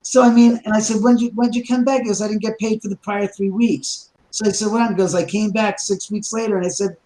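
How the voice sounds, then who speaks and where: A man's voice: high voice, steady tone, quick pace, dark tone, low-quality recording. A man casually telling a ghost story about his house, rambling with restarts and acting out quoted dialogue.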